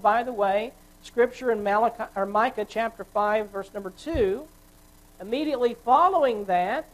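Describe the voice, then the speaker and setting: A woman preacher giving a sermon, explaining at a measured pace and correcting herself as she goes. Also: mid-range voice, rough recording.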